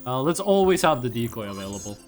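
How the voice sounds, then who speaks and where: A young man from Scandinavia streaming a game, joking and teasing his chat in casual banter. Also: faint music behind. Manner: animated, quick swings in pitch.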